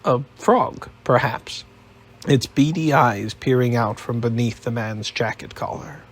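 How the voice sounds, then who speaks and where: A man narrating an audiobook in a steady, even storytelling manner. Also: mid-range voice, unhurried, breathy edge.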